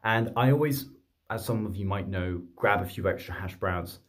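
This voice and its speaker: A man, telling a story to camera in a chatty, rambling, excitable way. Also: low-pitched, moderate pace. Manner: chatty, rambling, excitable, with many fillers and restarts. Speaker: vlogger and streamer.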